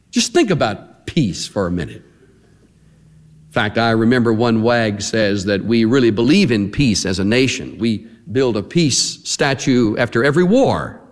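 A man preaching a sermon, explaining a Bible passage with emphatic, drawn-out words and light asides to his congregation. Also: mid-range voice, long reverb tail. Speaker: pastor. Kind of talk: expository sermon.

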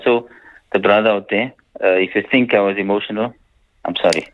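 A man's voice: fairly low pitch, brisk. A man, an Islamic scholar answering listener questions on a radio call-in, talking emphatically and repeating his points. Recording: dull radio broadcast sound.

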